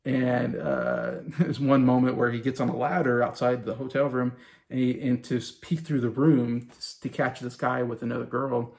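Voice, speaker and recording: A man's voice: mid-range voice, normal speed, creaky. A man around forty giving a casual, rambling review of a TV show, full of fillers and little chuckles. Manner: rambling, loose retelling with many fillers and chuckles.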